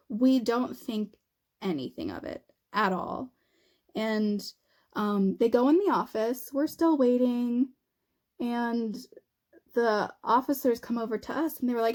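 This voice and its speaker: A young woman beauty vlogger, somewhat high-voiced and speaking at a measured pace, shares a funny story during her makeup routine. She reenacts what people said with plenty of animation and laughter.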